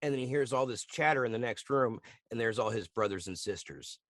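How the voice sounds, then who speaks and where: A man co-hosting a podcast, retelling TV scenes in a lively, swearing casual chat and acting out lines in quick voices. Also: medium pitch, no room sound, studio quality. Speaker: podcast co-host. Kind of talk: casual chat recapping a TV show.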